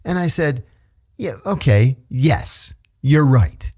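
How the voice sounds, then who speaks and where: A man's voice: a little high, slow pace, husky. A middle-aged man in a casual podcast interview, telling stories and acting out the voices of the people he quotes. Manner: animated storyteller who acts out the quoted voices. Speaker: interview guest, former intelligence officer.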